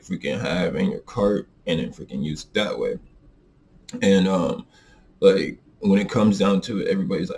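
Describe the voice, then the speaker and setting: A man's voice: sits low, creaky, darkish tone. A young man talking casually to his viewers in a rambling, profane, heated rant. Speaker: vlogger reviewing vape carts.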